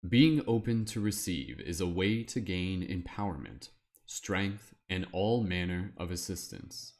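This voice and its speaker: A man putting on a wizard voice, reading aloud from a guidebook in a slow, measured, solemn way. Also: low voice, expressive, darkish tone.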